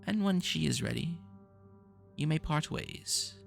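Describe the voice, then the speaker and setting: Casting: man doing a pompous eccentric mage, gravelly, swoops up and down a lot. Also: a little high, animated, unhurried, faint music behind, pitched above the performer's own voice, exaggerated voice. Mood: grandiose. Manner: pompous, theatrical, touchy. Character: grandiose eccentric male mage, game's creator.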